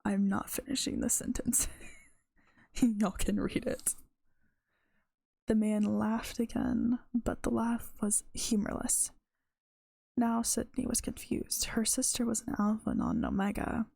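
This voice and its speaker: A woman's voice: fairly high pitch, fairly even intonation, unhurried, gravelly, long pauses, dark tone, breathy edge, no echo. A tired woman streamer reading her own story aloud, correcting herself as she goes. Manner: unpolished reading with self-corrections. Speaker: streamer and writer.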